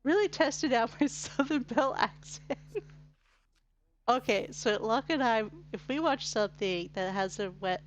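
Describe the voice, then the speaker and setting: A woman's voice: fairly high pitch, unhurried, muffled recording, slight background noise. An Australian woman streaming a game, chatty and giggly, with lots of "like". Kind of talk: casual gameplay chat.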